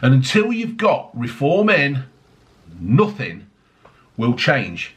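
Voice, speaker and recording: A man's voice: medium pitch, wildly swooping pitch, slow. A man ranting angrily on his vlog, swearing heavily, mocking people and piling on tag questions. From United Kingdom. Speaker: vlogger. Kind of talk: angry political rant.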